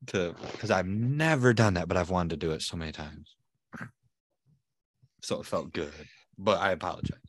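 A man's voice: deep voice, moderate pace, pauses often, no room sound. A man in casual podcast chat, animatedly retelling a story, swearing freely and laughing between lines. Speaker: podcast co-host.

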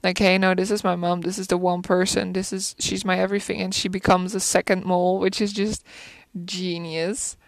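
A woman talks through her thoughts in a relaxed, rambling way, pausing to hunt for words and posing questions aloud. Her voice is smooth and clear, and the recording is close and dry. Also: on the low side, no echo. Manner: thinks aloud, searching for words and restarting; reflective, asks rhetorical questions. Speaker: film commentator. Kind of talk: casual musing chat.

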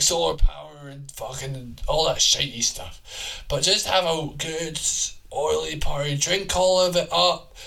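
A man voicing a crude, four-armed, time-traveling male freak from the future, ranting in a raspy, rambling, gleefully absurd way. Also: a little high, bright, forceful tone, exaggerated voice. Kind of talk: improvised comedy bit.

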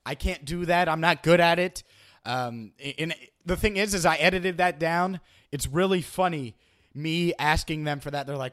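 A man's voice: fairly high pitch, moderate pace, a bit bright. A young man hosting a casual sports podcast, chatty and self-deprecating, often stumbling and repeating words. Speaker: podcast host.

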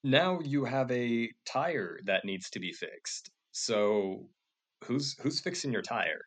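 A man's voice: mid-range voice, lively intonation, slow. A man narrating a comedic tabletop game as game master, rambling with many fillers and restarts.

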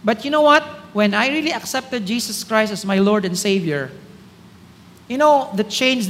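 A man's voice: very high-pitched, bright, forceful tone, in a large hall. A Filipino-accented man preaching a sermon, emphatic, repeating key phrases and checking in with the congregation. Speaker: pastor.

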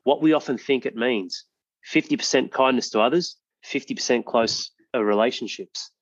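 A man's voice: medium pitch, normal speed, no echo, muffled recording. A man hosting a podcast, talking earnestly and motivationally and swearing freely. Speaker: podcast host. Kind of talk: casual podcast chat.

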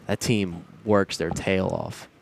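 Young male co-host, low voice, laid-back rambling sports chat. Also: steady tone, slow pace, gravelly, a little hiss or hum. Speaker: podcast co-host.

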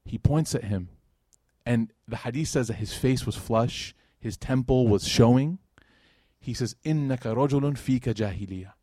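A man giving a religious lecture to a live audience, telling stories in a lively, casual way with plenty of slang and fillers. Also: medium pitch, measured pace, breathy edge, no echo, studio quality. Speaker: Islamic lecturer.

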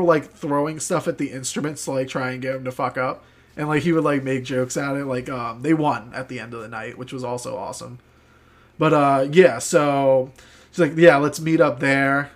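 A man telling a rambling story on a podcast, full of filler words and swearing. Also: mid-range voice. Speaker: podcast co-host. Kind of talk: casual chat, storytelling.

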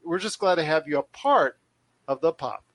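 A man hosting a pop culture podcast in energetic, rambling casual chat. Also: fairly high pitch, normal speed, no room sound. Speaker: podcast host.

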